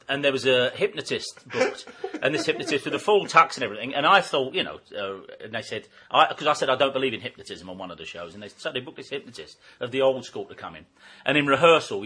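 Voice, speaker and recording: Fast, bright-voiced English man telling stories. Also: mid-range voice, husky. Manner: animated storyteller, many fillers and restarts. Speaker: broadcaster telling anecdotes. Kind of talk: casual storytelling chat.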